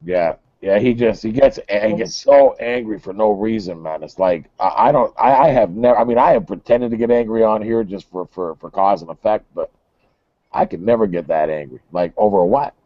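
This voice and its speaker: Man, low voice, joking host, self-mocking, dry muffled mic. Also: moderate pace, no room sound. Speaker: video host. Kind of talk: casual group video chat.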